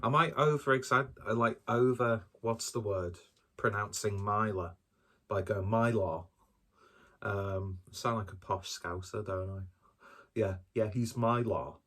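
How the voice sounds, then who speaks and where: A man's voice: fairly low pitch, steady tone, measured pace, bright, forceful tone. A man doing a casual solo beer review, talking in a rambling, hesitant and self-deprecating way.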